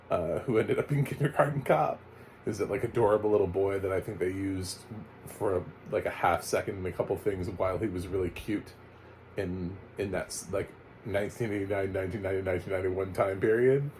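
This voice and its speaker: Chatty, deep-voiced male movie reviewer. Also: darkish tone, a little hiss or hum, poor audio. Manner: chatty, rambling, laughs often, many fillers. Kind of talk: casual video review.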